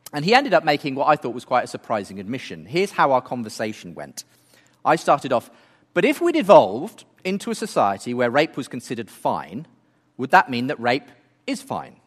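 A man's voice: medium pitch, fairly bright tone, long reverb tail. A man giving an earnest talk, building his case through rhetorical questions. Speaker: speaker. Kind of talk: apologetics talk.

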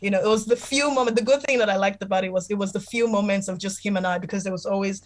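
A woman speaks as an interview guest, her pitch sitting in the middle of the range. She talks in an earnest, reflective way, stopping and restarting as she recalls events. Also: steady tone. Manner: earnest, reflective, halting with many fillers. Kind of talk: personal storytelling in a podcast interview.

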